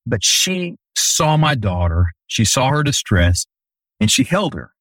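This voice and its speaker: A man's voice: mid-range voice, sing-song, measured pace, fairly bright tone, dry recording, rough recording. A middle-aged man telling an earnest personal story in a conversation.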